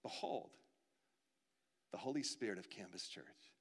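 A man preaching a sermon as pastor, swinging from loud pleading to near-whispers. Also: fairly low pitch, animated, measured pace, slightly rough. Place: church sanctuary. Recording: long reverb of a church hall.

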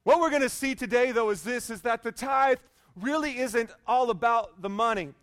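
Pastor preaching, man with a high voice, emphatic and conversational. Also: normal speed, a bit bright. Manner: emphatic, conversational, repeats phrases. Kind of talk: sermon.

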